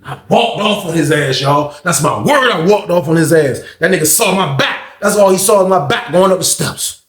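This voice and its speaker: This prison story comes from a storyteller who hosts a channel, told casually with animation and swearing as he plays out others' lines. He speaks on the high side, at moderate speed, with reverb around him.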